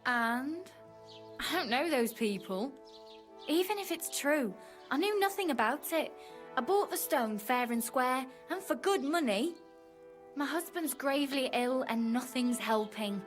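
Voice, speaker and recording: Fretful peasant wife, high voice, earnest, guarded, game dialogue. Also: female voice, expressive, unhurried, soft background music. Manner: earnest, guarded, then desperate pleading. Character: anxious peasant wife pleading for her sick husband.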